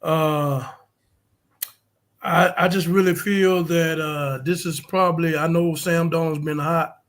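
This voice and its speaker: Halting man giving sports picks. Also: fairly high pitch, fairly even intonation, a bit bright. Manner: thoughtful, halting, many fillers. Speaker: podcast co-host. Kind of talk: casual sports analysis.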